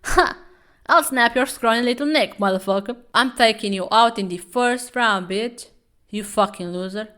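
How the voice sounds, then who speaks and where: A woman's voice: on the high side, moderate pace, fairly bright tone, pitched above the performer's own voice, close to an everyday voice. A woman voicing a brash, hot-headed male fighter who jeers and taunts crudely. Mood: taunting. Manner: jeering, boastful, crude taunts.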